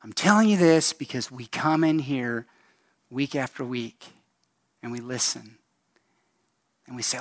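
A man's voice: medium pitch, normal speed, pauses often. A male pastor preaching a sermon in an earnest, emphatic storytelling style with pleading appeals.

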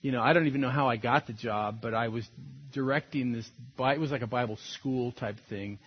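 A man's voice: mid-range voice, fairly quick, dull audio, a little hiss or hum. A man preaching a sermon as a pastor, in a conversational, storytelling way that laughs at its own points.

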